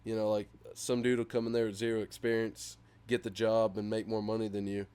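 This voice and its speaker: A man's voice: lowish voice, a little fast, clear, resonant tone. A young man co-hosting a podcast, chatting casually and rambling with lots of fillers. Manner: rambling, filler-heavy, animated when retelling memes. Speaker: podcast co-host. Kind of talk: casual chat.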